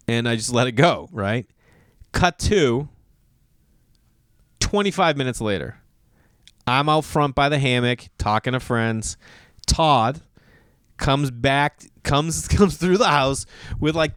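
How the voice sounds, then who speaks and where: A man's voice: medium pitch, clean tone, dry recording, clean studio sound. A man in his thirties telling a comic story, acting out other people's voices and swearing freely. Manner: animated, acts out quoted voices, swears. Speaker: comedian host. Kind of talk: storytelling monologue.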